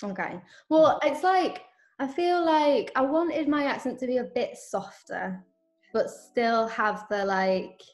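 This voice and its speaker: A woman's voice: high-pitched, slow, soft background music. A woman with a northern English Lancashire accent hosting a youth group chat, bubbly and enthusiastic. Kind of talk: casual video-call chat. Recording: echoey room.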